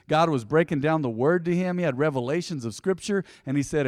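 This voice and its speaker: A man's voice: a little high, fairly quick, a little mellow, no echo, clean studio sound, in a large hall. A man preaching a sermon as pastor, talking in a loose, joking way and calling on the congregation to answer back. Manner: conversational, joking, calls on the congregation to respond. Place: church sanctuary.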